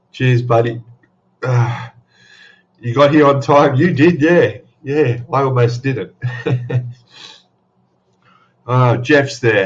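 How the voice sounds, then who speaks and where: A man hosting a casual live stream, just woken up, rambling and laughing as he greets viewers, his voice still rough from sleep. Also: mid-range voice, lo-fi sound. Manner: drowsy, rambling, laughs often.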